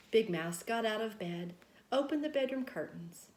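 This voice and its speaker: A woman reading a children's story aloud, gentle and expressive. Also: fairly high pitch, moderate pace. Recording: roomy echo.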